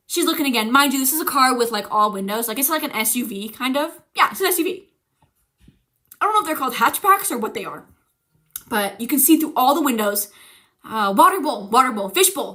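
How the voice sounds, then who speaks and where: A young woman streamer casually telling a ghost story, animated and swearing, acting out the quotes. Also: a little high.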